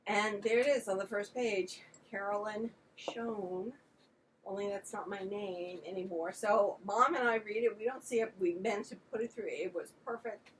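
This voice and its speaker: A woman's voice: mid-range voice, fairly even intonation, normal speed. Older woman, casual co-host, rambling self-deprecating storyteller, distant mic with faint noise. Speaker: podcast co-host. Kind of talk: casual chat.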